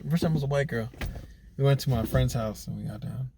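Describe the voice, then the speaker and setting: A young man co-hosting a casual podcast over drinks, animated and acting out quotes with laughter. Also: medium pitch, a little fast, creaky, slight background noise. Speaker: podcast co-host.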